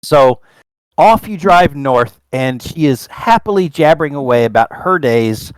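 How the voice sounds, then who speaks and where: A man's voice: fairly high pitch, lively intonation, measured pace, clear, resonant tone, dry recording. An American man running a tabletop game as game master, enthusiastic and prone to restarts. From United States.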